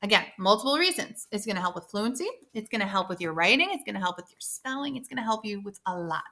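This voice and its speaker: A woman teacher of fifth graders giving instructions and reading a novel aloud to her class, encouraging and instructive, with quick asides. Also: mid-range voice, lively intonation, pushed and bright.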